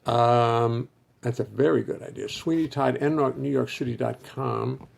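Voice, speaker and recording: A man hosts a loose, rambling livestream, thinking out loud and greeting viewers one by one. His voice is hoarse and heavily gravelly, pitched in an ordinary middle range. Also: moderate pace. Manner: chatty, wandering, thinks aloud and greets viewers by name. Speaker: musician hosting a livestream for fans. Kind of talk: rambling casual livestream chat.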